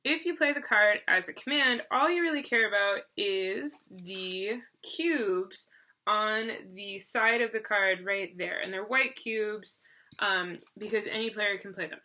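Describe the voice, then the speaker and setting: Bright-voiced woman explaining game rules. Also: medium pitch, unhurried. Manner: chatty, loose with fillers and restarts. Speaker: board game co-host.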